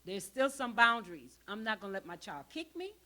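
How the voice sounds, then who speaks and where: Bright, emphatic woman leading a workshop. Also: medium pitch, brisk. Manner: emphatic, animated, addresses audience as y'all. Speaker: parenting workshop presenter. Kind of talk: interactive church workshop teaching. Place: church hall.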